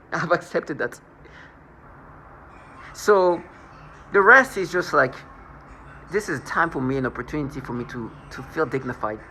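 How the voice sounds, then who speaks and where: A man's voice: fairly high pitch, measured pace, pauses often, sharp tone, slight background noise. A man rambling through a scornful personal monologue, restarting and repeating words as he goes. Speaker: vlogger.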